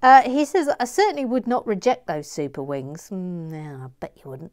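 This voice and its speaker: A woman's voice: fairly low pitch, animated, normal speed, darkish tone. A woman building a Lego set on a video stream, chatting casually and reading viewers' comments aloud with frequent laughs. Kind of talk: casual chat while building.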